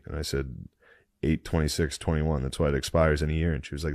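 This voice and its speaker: Brief: deep-voiced male podcast co-host, dry close mic, crude mocking storyteller. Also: level tone, brisk, no echo. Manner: crude, mocking storytelling, rising to loud anger. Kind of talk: casual podcast chat.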